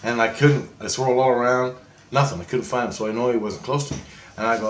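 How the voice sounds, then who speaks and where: A man's voice: medium pitch, fast, roomy sound, slight background noise. A man telling a long story in a casual, rambling monologue, swearing often and correcting himself as he goes. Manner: rambling, profane, animated retelling with self-corrections. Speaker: vlogger.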